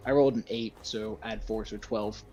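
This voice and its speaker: A man playing a tabletop game who talks in a relaxed, hesitant way. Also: fairly low pitch, moderate pace, slight background noise. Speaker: player. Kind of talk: casual game chat.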